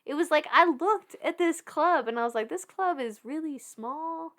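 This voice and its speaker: A woman in her thirties with a Southern US accent tells her story as a podcast guest, her voice sitting high and her pace moderate. She's animated and casual, laughing often and swearing freely.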